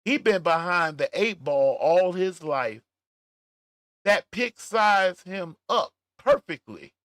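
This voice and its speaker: A middle-aged man hosting a casual livestream, reading chat comments aloud with laughter and drawn-out emphasis. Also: high-pitched, lively intonation, a bit bright, no room sound, clean studio sound. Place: at home, smoking a cigar.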